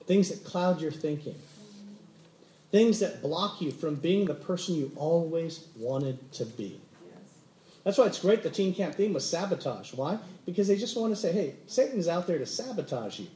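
A man with a bright, high voice preaches a sermon in a roomy, echoing church hall. He tells stories with lively energy and acts out everyday conversations. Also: measured pace, long pauses, slight background noise. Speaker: pastor. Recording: roomy echo.

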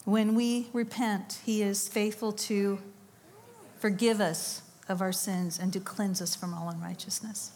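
A woman's voice: medium pitch, steady tone, unhurried, darkish tone, slight background noise. A middle-aged woman giving a sermon, telling a story with quoted voices and laughing asides. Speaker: conference speaker. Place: church or conference hall.

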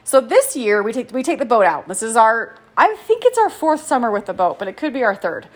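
A woman in her forties telling a personal story in a chatty, self-deprecating way, full of "like" and quick laughs. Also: fairly high pitch, big pitch swings. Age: 40s. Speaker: podcast host. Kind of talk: casual storytelling monologue.

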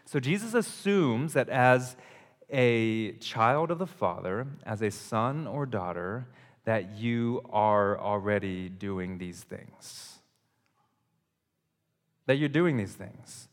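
A man's voice: fairly low pitch, expressive, slow. A man in his thirties preaching a conversational, emphatic sermon, often restarting his phrases as he works through his point. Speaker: pastor. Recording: long hall reverb.

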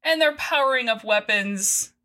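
A woman casually recapping a TV episode on a podcast, animated and quick to laugh, quoting the characters playfully. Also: fairly high pitch. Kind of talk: casual chat.

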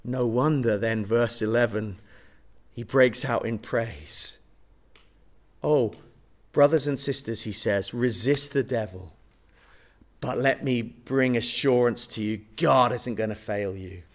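A man preaching a sermon, swinging between booming emphasis and hushed, slowed-down words. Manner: slows and stretches key words for emphasis.

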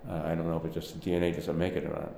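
A man's voice: sits low, completely flat delivery, rapid-fire, gravelly, dark tone, echoey room, slight background noise. An older man from Brooklyn with a Brooklyn accent, telling rambling stories in an oral history interview with lots of fillers. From Brooklyn, New York. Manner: rambling, anecdotal, many fillers.

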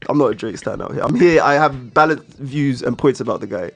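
A man's voice: medium pitch, animated, brisk, husky. A man co-hosting a casual chat, arguing his point insistently with plenty of slang.

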